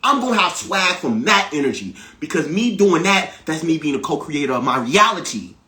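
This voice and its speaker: A man giving an emphatic, preachy spiritual talk as a teacher, repeating phrases for effect and swinging between loud exclamations and quiet asides. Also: on the high side, sing-song, moderate pace. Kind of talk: motivational spiritual monologue.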